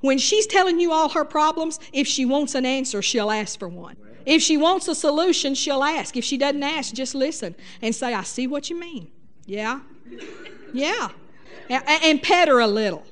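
A middle-aged woman preaching a sermon in a lively, folksy way, sprinkling her talk with hallelujahs. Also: high voice, moderate pace.

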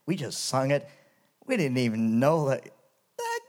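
A man from Canada preaching a revival sermon in church, dropping to hushed lows and rising to loud, soaring highs. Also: wildly swooping pitch, a little slow, long pauses.

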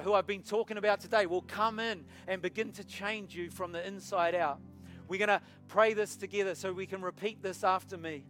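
A man, a pastor, leading an altar call and prayer in a church service, hushed at times and urging at others. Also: high-pitched. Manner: soft and hushed while praying, rising to loud urging. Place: church service with music behind.

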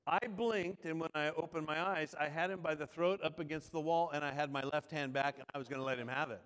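Male pastor, middle-aged, chatty storytelling sermon; slightly higher voice with a hall echo. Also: steady tone, fast talker, fairly bright tone. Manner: conversational storytelling, asks the congregation questions. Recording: long hall reverb.

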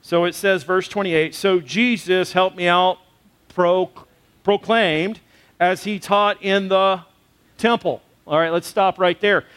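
A man's voice: sits high, steady tone, slow, fairly bright tone, clean tone. A man preaching a sermon in a conversational way, asking rhetorical questions and using casual fillers. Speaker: pastor.

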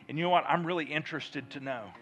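A man preaching a sermon as pastor, leading his congregation in call-and-response and prayer with emphatic delivery that swells to loud fervor. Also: a little high, fast talker, soft background music.

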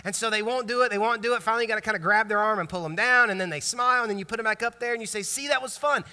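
A male pastor in his thirties preaching in an animated, storytelling way. His voice is high and very bright. It carries a long reverb, as from a church sanctuary. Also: rapid-fire, smooth. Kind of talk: sermon.

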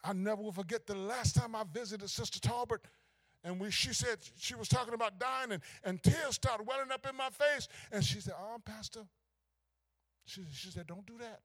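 Male pastor. Bright, high, animated preaching voice that drops to near-whispers and rises to shouts. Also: a little fast. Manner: preaching with sudden shouted climaxes and hushed asides. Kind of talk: sermon.

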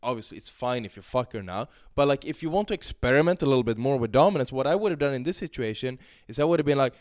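A man's voice: mid-range voice, animated, fast talker, few pauses, darkish tone, no room sound, clean studio sound. A man coaching on a podcast, explaining in a loose, talkative way and often checking in with "right?". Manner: explanatory, acts out dialogue examples, frequent "right?". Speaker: sex and dating coach.

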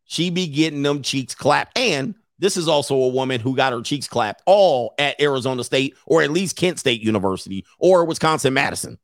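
A man's voice: medium pitch, lively intonation, moderate pace, few pauses, no room sound, clean studio sound. A man hosting a stream, ranting comically in casual slang and laughing often. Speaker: streamer host. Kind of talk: casual comedic rant.

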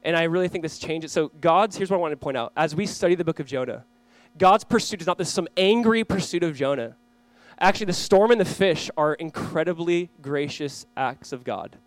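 A young adult male pastor preaching a sermon in a relaxed, conversational way, telling stories with lively asides and reading scripture aloud. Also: on the high side, dry recording. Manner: conversational, animated storytelling with quick asides.

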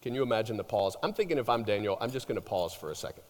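A man preaching a sermon, telling the story with animated swings between loud emphasis and hushed, drawn-out words. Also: lowish voice, big-room sound. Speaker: pastor.

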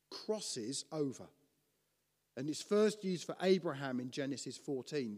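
A man preaching a teaching sermon in an animated way, often restarting and putting questions to his listeners. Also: medium pitch, big-room sound.

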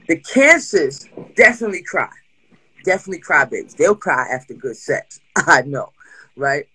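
A woman hosting a casual chat show, telling stories loudly and bluntly with lots of swearing. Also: lowish voice, husky, poor audio. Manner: loud, profane, animated storytelling. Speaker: host.

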